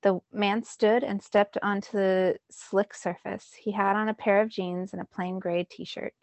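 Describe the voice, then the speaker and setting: A woman teacher reading a children's novel aloud in a steady storytelling way. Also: mid-range voice, a little slow, dry recording.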